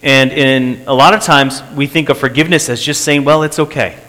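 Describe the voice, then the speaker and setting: A man's voice: medium pitch, fairly even intonation, a little fast, bright, forceful tone. A man preaching and telling of a church meeting, earnest, repeating phrases for emphasis. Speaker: pastor. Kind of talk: sermon testimony. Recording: long hall reverb.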